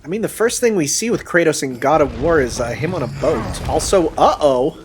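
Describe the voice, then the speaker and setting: A man's voice: a little high, expressive, fairly quick, a little hiss or hum. A young man co-commenting on a video game, chatty and upbeat, laughing easily. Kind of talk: casual let's play commentary.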